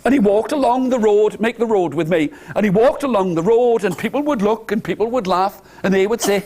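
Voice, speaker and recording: A man telling an interactive story to nursery children, animated and coaxing them to join in. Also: sits high, a little fast, hardly any pauses, slight background noise. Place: nursery school room.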